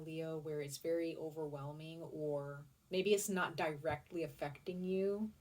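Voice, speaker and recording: Low-voiced woman giving a casual tarot reading. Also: a little mellow, recorded from a distance. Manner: rambling, chatty, restarts and casual swearing. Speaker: tarot reader.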